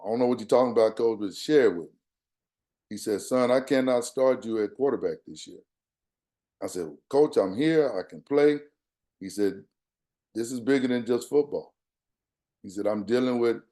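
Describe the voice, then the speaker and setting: Mellow older man telling his story. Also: fairly low pitch. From Texas. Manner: earnest, conversational storytelling with quoted dialogue. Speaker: guest speaker. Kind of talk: storytelling talk.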